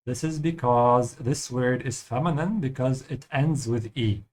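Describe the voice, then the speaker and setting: A man's voice: mid-range voice, unhurried, a little mellow. A man teaching a language over gameplay, explaining patiently and checking in with the listener with "yeah?".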